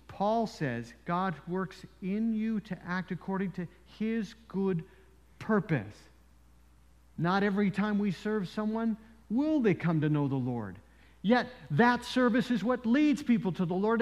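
A man preaching a sermon as pastor, telling stories in an animated way with frequent asides. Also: sits high, dull audio. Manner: animated storytelling with frequent "you know" asides. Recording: long reverb in a large hall.

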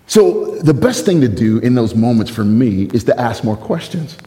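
A man preaching a sermon as pastor, telling a story with lively laughs and acted-out dialogue. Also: medium pitch, moderate pace, long reverb tail. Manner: animated storyteller, laughs often, acts out quoted dialogue.

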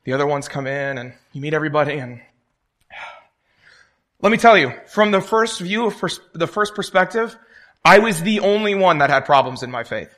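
A man's voice: on the high side, lively intonation, moderate pace, a bit bright. Young man preaching a chatty sermon. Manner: conversational, tells stories and acts out quoted voices.

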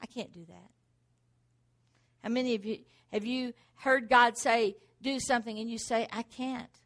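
A woman's voice: fairly high pitch, steady tone, measured pace. A middle-aged woman preaching a sermon, driving points home with rhetorical questions and repeated exhortations.

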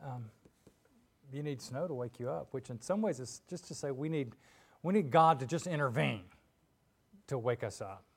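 A male preacher delivering a sermon in a loose, chatty style, dropping in fillers and quick asides. His voice sits at an ordinary middle pitch. He talks to the congregation as if chatting with friends. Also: creaky. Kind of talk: conversational sermon. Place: church.

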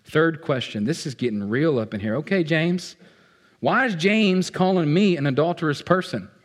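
A man preaching a sermon as pastor, animated and playful, swinging between loud outbursts and hushed asides. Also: a little high, moderate pace. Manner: playful, acts out what people feel.

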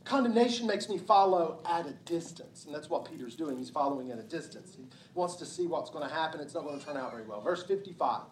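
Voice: mid-range voice, animated, fast talker, hardly any pauses, slight background noise. Conversational pastor preaching in an echoey church. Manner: conversational, emphatic, checks in with the listeners. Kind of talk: sermon. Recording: roomy hall sound from a distance.

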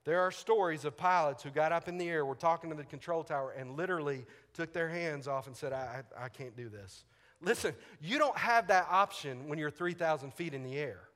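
A man's voice: a little high, brisk, a bit bright. A man preaching a sermon, telling a personal story animatedly, acting out radio exchanges and laughing often. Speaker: pastor. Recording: long hall reverb.

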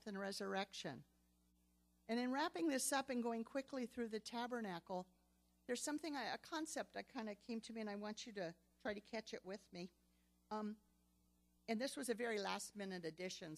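An older woman teaching a Bible study, earnest and telling stories with quoted dialogue. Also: mid-range voice.

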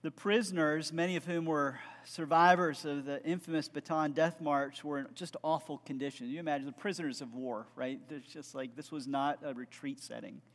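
A man's voice: a little high, fairly even intonation, normal speed, few pauses, long reverb tail. A man preaching a sermon, telling a story with earnest conviction and closing in fervent prayer. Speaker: pastor.

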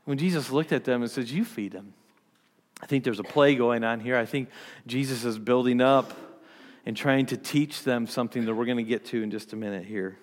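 A man's voice: mid-range voice, fairly even intonation, a little fast, in a large hall. A man preaching a sermon, earnest and conversational, often restarting his sentences as he explains. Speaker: pastor.

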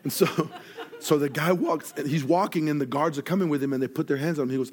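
Man, pastor, sermon, storytelling, acts out voices, loud then hushed. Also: mid-range voice, fast talker. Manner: animated storyteller, acts out dialogue, grows loud in excitement; drops soft and quiet for earnest moments.

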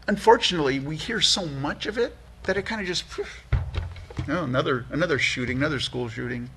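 Gravelly-voiced man preaching a sermon. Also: fairly high pitch, quick pace, a bit bright, slight background noise. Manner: earnest, conversational, many restarts, rises for emphasis. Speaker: pastor.

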